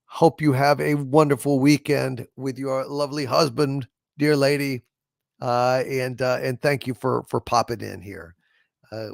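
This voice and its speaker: Slow, gravelly-voiced man hosting a livestream. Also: a little high, no echo, studio quality. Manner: rambling with many fillers and restarts; slow, soft poetry reading. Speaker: livestream host. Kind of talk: casual livestream chat reading super chats.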